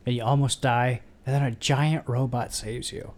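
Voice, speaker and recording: A man's voice: medium pitch, steady tone, moderate pace. A man co-hosting a casual podcast about a film, riffing with jokes and crude punchlines. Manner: jokey, riffs with crude punchlines. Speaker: podcast co-host. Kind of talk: casual movie recap chat.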